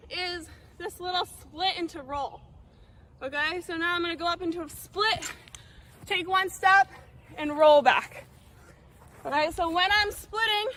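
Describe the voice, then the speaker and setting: A woman's voice: very high voice, sharp tone. A young woman coaching on an outdoor field, demonstrating drills as she moves and checking in with "okay?" after each step. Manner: explains while moving, checks in with "okay?" often. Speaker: lacrosse coach.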